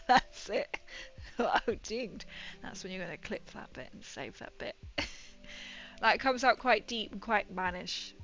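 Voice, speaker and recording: A young woman streamer chats casually on her livestream in a mid-range, fairly bright voice, speaking a little slowly. She giggles often and drops her consonants, and the audio is muffled with faint music.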